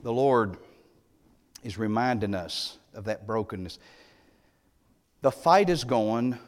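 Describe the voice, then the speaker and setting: A man preaching a sermon, moving between loud, emphatic declarations and hushed, quiet passages. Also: on the low side, expressive, slow. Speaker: pastor. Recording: long hall reverb.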